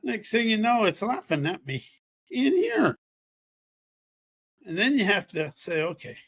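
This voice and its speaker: A man's voice: high voice, sing-song, measured pace, a bit bright, husky. A man giving a rambling, folksy motivational talk about personal growth, sometimes acting out what others say. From American Midwest farming region. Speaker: self-help speaker.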